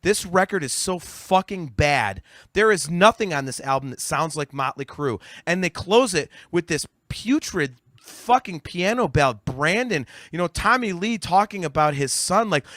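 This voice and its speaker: Man, 40s, podcast guest, heated profane rant, stammering restarts, bright tense tone, dry. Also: on the high side, expressive, moderate pace, dry recording. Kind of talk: casual podcast discussion.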